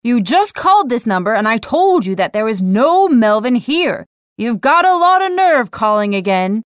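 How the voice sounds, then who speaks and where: A woman voicing an irritated man who keeps getting wrong-number calls, gruff and annoyed. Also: fairly high pitch, sing-song, moderate pace, no echo, clean studio sound. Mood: furious. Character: irritated man answering the phone.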